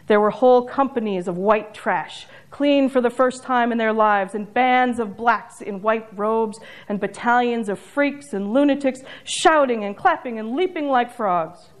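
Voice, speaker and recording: A woman preaching a sermon, retelling a story in a measured, reflective way. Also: fairly high pitch.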